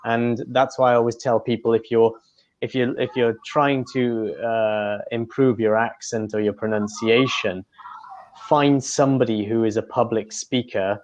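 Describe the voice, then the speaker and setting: A man's voice: mid-range voice, fairly even intonation, measured pace. A man, an English tutor answering interview questions in an explanatory way, often stopping to restart. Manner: explanatory, with frequent fillers and restarts. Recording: dull lo-fi audio.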